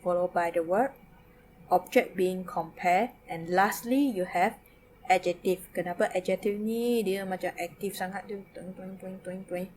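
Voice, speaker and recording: A woman's voice: lowish voice, normal speed, a little mellow, slight background noise. A woman from Malaysia with a Malaysian English accent, teaching a Mandarin lesson. She mixes English, Malay and Mandarin and says "okay" again and again. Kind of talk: recorded online lesson.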